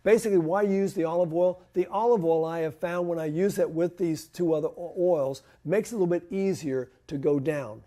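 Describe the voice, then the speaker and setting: In a church hall, a health presenter gives a conversational talk on home remedies, asking his own questions and answering them. His voice is mellow and on the high side.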